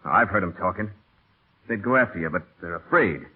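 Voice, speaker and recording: A husky, brash young stable hand on old radio. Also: male voice, deep voice, lively intonation, brisk. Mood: ardent. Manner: bold and pleading. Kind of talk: 1930s radio drama acting. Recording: thin, phone-like old radio broadcast.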